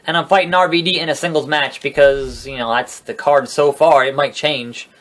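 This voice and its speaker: In a casual let's-play of a wrestling video game, a young man rambles, makes sarcastic remarks, and curses at the characters. His voice is fairly high and a bit bright, with a steady tone at normal speed.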